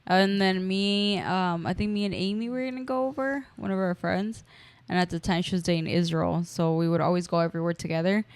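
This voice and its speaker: A woman's voice: on the low side, steady tone, brisk, clean tone, no room sound. A young woman co-hosting a casual podcast, chiming in and telling her side of the story. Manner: chiming in with short agreements. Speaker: podcast co-host. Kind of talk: casual chat.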